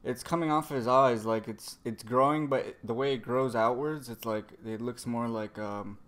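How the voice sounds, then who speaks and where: A man's voice: mid-range voice, fairly even intonation, moderate pace, fairly bright tone. A man casually recapping a comic chapter, rambling, cursing a lot and trailing off into fillers. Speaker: manga reviewer.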